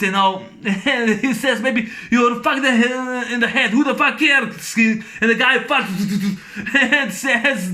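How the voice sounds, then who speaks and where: A man reviewing a movie in a casual, rambling monologue, full of fillers and restarts, who breaks into excited sound effects and laughs as he recounts scenes. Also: high-pitched.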